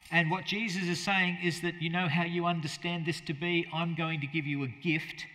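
A man's voice: a little high, bright, forceful tone, long reverb tail. A man preaching a conversational sermon as pastor, often asking his listeners rhetorical questions.

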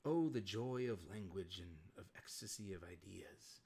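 Brief: erudite, furry blue mutant brute with lofty diction and a low voice, read aloud by a man. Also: lively intonation, normal speed, creaky, a little mellow, husky, heavily acted. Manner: grandiloquent, formal diction.

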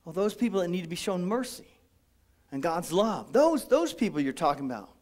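A pastor with a high voice preaches a sermon at a brisk clip. He is lively and dramatic, acting out the voices of his congregation.

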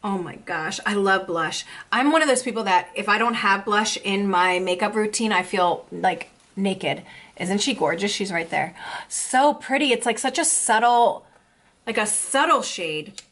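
A young woman vlogger chatting casually as she unboxes makeup, gushing and excitable. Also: medium pitch, measured pace. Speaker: beauty vlogger.

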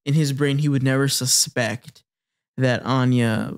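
A man's voice: medium pitch, fairly even intonation, measured pace. A man co-hosting a podcast, chatting casually and recapping an anime, laughing often and acting out character lines. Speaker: podcast co-host.

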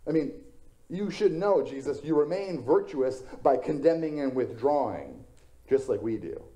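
A man's voice: a little high, expressive, moderate pace, dark tone, natural voice, poor audio. A male pastor voicing an indignant crowd of judgmental townspeople, scolding and incredulous.

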